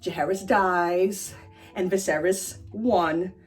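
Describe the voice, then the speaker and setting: A woman's voice: lowish voice, fairly even intonation, slow pace, slightly rough, faint music behind. A woman hosting a casual explainer, chatty and irreverent, who swears now and then. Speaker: pop-culture explainer host.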